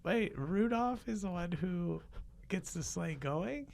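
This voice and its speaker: A man's voice: high voice, lively intonation, slow, creaky, darkish tone, pitched above the performer's own voice, heavily acted. A man playing a kid in an improv comedy scene, teasing and mocking Santa, laughing mid-sentence. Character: kid annoyed at getting coal from Santa.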